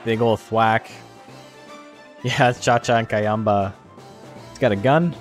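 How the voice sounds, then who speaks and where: A man's voice: on the low side, slow pace, faint music behind. Laid-back, swearing man commentating a game. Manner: loose and joking, swears freely; rambling, heavy use of "like". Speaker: tournament commentator. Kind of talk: casual live-stream game commentary.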